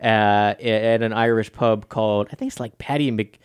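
A man's voice: fairly low pitch, steady tone, moderate pace, smooth, no room sound. A man hosting a comedy podcast from an office, chatting casually in a rambling, self-deprecating way with many fillers. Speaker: podcast host. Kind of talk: casual interview chat. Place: office in Lower Manhattan.

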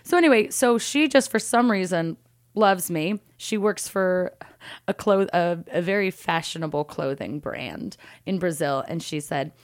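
Woman from Alaska, comedian guest, dry close sound, animated storytelling, swears a lot. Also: fairly low pitch, a little slow, no room sound. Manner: animated, swears freely, acts out other people's lines. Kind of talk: casual storytelling.

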